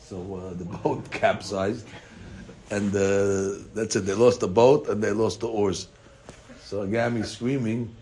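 A man teaching a daily Talmud class, an animated storyteller who mixes Hebrew and Aramaic into his English. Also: on the low side, moderate pace, slight background noise.

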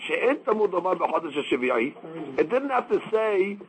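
A man's voice: high voice, big pitch swings, moderate pace, slight background noise, poor audio. A man teaching a daily Talmud class, explaining step by step and mixing Aramaic quotes with English.

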